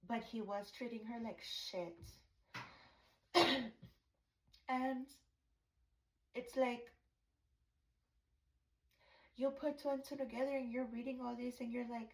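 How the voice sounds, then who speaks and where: A woman's voice: fairly high pitch, steady tone, slow, long pauses, roomy sound, poor audio. A woman podcast host telling a story in a casual, blunt way, swearing and adding dramatic asides.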